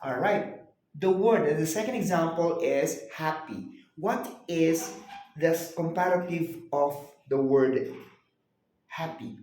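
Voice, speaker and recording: A man's voice: a little high, slow pace, a little mellow. A male tutor patiently drilling a student on grammar rules, repeating answers back. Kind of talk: one-on-one grammar lesson. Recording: very echoey room.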